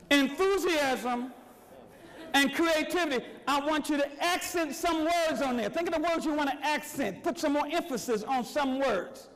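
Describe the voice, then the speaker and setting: A motivational speaker with a very high, fairly bright voice addresses a live audience seated at tables in a large meeting room, the sound big and roomy. Repetitive and exhorting, he keeps calling for more energy.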